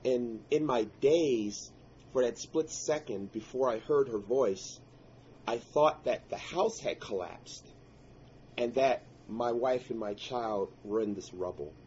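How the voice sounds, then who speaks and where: A man's voice: mid-range voice, slow pace, a little mellow, highs cut off, slight background noise. A man telling a personal story in an earnest, intense way, breaking into prayerful exclamations. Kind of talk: personal story told to listeners.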